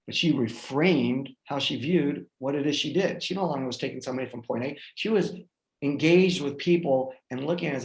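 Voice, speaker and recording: A man in his forties, a guest speaker, telling a personal story in an animated way with many fillers and restarts. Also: mid-range voice, brisk, roomy sound, poor audio. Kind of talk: personal storytelling in a group talk.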